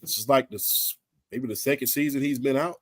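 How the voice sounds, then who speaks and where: A man's voice: mid-range voice, fairly quick, no echo. A man co-hosting a casual sports podcast, easygoing and laughing often. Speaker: podcast co-host.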